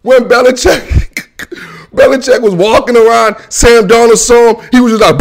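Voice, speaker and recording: Young male sports host, high-pitched, slangy, animated ranter. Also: normal speed. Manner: animated, ranting and pleading, slangy with frequent "man" and "bro"; bursts into shouts and laughs. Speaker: host of a football show. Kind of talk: casual solo sports commentary.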